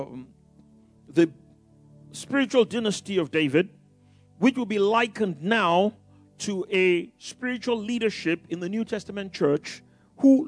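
Male preacher, exuberant and halting, with a high, gravelly voice. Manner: exuberant, rallying the congregation, bursts of emphasis; halting, with many fillers and restarts. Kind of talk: sermon.

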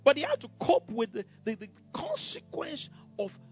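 A man's voice: extremely high pitch, huge pitch swings, fast talker, husky. A male pastor preaching a sermon, telling a story with many "you know" asides and stammered repeats. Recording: dull lo-fi sound with faint music.

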